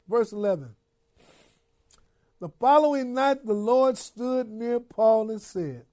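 Very high-voiced emphatic preacher man. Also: lively intonation, takes it slowly, pauses often, warm tone. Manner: emphatic, repeats phrases, asks the listeners questions. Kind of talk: sermon, Bible reading and exhortation.

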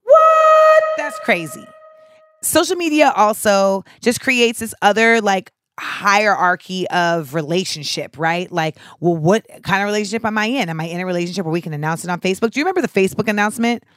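A woman in her thirties hosting a casual comedic chat, animated and profane, slipping in and out of mocking voices. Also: mid-range voice, brisk, no room sound, clean studio sound.

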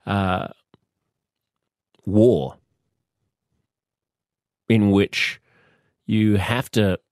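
Thoughtful Australian man, low dry voice. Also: fairly even intonation, a little mellow, no echo. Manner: thoughtful, measured, with pauses and restarts. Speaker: podcast host. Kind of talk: reflective monologue.

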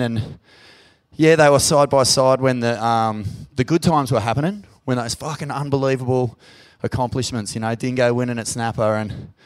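A man's voice: mid-range voice, clear, resonant tone. An Australian man hosting a live podcast in a pub venue, sweary and effusive as he hypes up the crowd. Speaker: podcast host.

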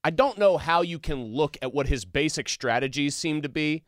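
A man's voice: a little high, moderate pace, no room sound, studio quality. A man co-hosting a casual sports talk show, blunt and sarcastic in his opinions. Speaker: sports podcast co-host.

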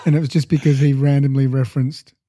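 A man co-hosting a casual film podcast, relaxed and searching for words, his throat a little off. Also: medium pitch, quick pace, background noise. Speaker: podcast co-host. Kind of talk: casual chat.

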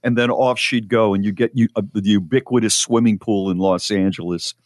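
A man's voice: on the low side, fairly even intonation, dry recording, studio quality. Reflective man co-hosting a radio show. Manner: measured, reflective storyteller. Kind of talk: casual chat.

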